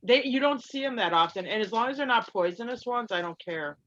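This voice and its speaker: A woman's voice: fairly high pitch, animated, a little fast, a bit bright, highs cut off. A woman in a casual group video call, telling stories in a blunt, chatty way. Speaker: show regular.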